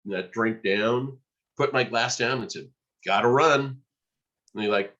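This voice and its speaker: A man, a podcast guest, telling a lively story and acting out the dialogue. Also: lowish voice, moderate pace, dull audio. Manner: animated storyteller, acts out quoted dialogue. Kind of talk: storytelling in conversation.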